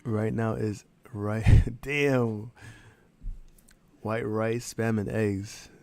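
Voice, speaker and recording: A man's voice: lowish voice, steady tone, drawn-out words, darkish tone. A man with a New York accent chatting casually on a livestream, laid-back, laughing and swearing often. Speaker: livestream host.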